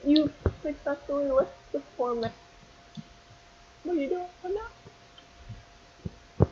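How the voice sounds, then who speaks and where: A woman's voice: sits high, slow pace, warm tone, highs cut off. A young woman narrating as game master for a tabletop game, hesitant and full of ums and restarts.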